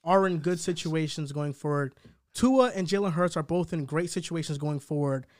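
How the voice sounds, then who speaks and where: A man's voice: a little high, normal speed, no room sound, clean studio sound. A man co-hosting a sports podcast, talking casually and laying out his arguments point by point. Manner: analytical, steady, building arguments point by point. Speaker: podcast co-host.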